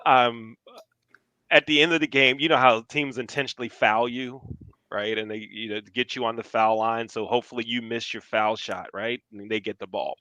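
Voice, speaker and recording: A man telling personal stories in casual talk, animated and repeating phrases for emphasis. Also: mid-range voice, normal speed, no room sound. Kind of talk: casual storytelling.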